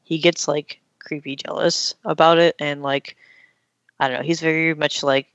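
A woman's voice: low voice, fairly even intonation, normal speed, a bit bright, dry recording. Chatty woman retelling a story, lo-fi. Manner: chatty storyteller acting out quotes. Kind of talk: casual chat, recapping a TV episode. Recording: dull, slightly lo-fi dry recording.

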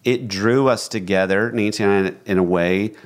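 A man's voice: on the low side, normal speed. A middle-aged man co-hosting a podcast, telling a personal story in an earnest, reflective way. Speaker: podcast co-host. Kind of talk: casual podcast chat.

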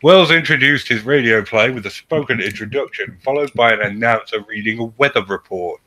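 Suffering from a cold, this podcast co-host swears freely in a dry, sardonic style while chatting and reading notes. His mid-range voice is a little fast and has a sharp tone.

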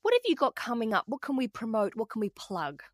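A woman's voice: fairly high pitch, big pitch swings, fast, no echo, clean studio sound. A woman hosting a podcast, chatting casually and self-deprecatingly, swearing freely. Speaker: podcast host.

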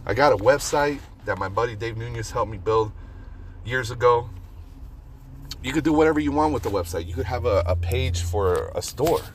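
A man hosting a casual solo podcast, thinking out loud in a rambling, profane way, recorded on a phone. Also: medium pitch, lively intonation, moderate pace, slight background noise. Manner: rambling, profane, brainstorming aloud. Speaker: podcast host.

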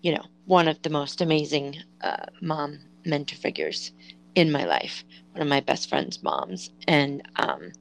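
A woman co-hosting a podcast, speaking haltingly and full of ums and you-knows as she reflects on her family. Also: sits low, expressive, creaky, low-quality recording. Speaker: podcast co-host. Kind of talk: casual chat.

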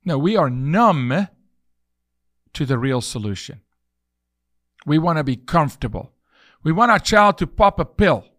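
A man holds forth on his podcast in an unhurried, insistent way, hammering his points home by saying them twice. His voice sits a little higher than most men's. The sound is dry and close. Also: animated, fairly bright tone, dry recording. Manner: emphatic, repeats key phrases, storytelling. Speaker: podcast host. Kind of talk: preachy podcast monologue.

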